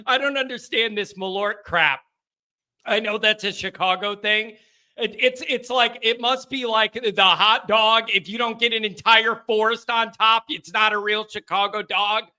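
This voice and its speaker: A man's voice: high-pitched, fairly even intonation, unhurried, pushed and bright. A man hosting a live sports call-in stream, chatting casually from a home studio, rambling and joking with his chat viewers.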